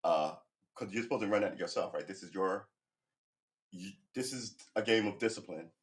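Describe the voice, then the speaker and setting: A man's voice: deep voice, normal speed. A middle-aged man livestreaming his guitar practice from his sofa at home, chatting casually into a nearby desk mic with rambling, self-deprecating, profane pep talk. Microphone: desk microphone close by.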